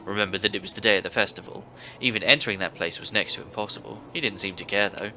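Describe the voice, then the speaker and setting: Voicing an older former thief who holds court in a tavern, a man with a fairly low, sharp voice talks fast and tells his stories with hearty, bragging gusto. It's video game dialogue, and the audio sounds dull with faint hiss.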